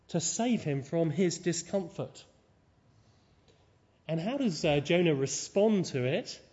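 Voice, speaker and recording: A man's voice: a little high, warm tone. A man preaching a sermon, explaining scripture and often asking rhetorical tag questions. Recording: lo-fi recording with long hall reverb.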